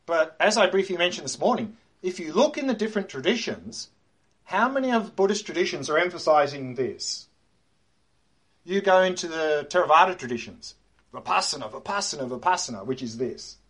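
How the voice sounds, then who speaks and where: A meditation teacher gives a talk to a class. He speaks in a slightly husky voice that sits a bit high for a man. He is emphatic, repeats his key words and points to a diagram as he explains. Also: animated, brisk, fairly bright tone.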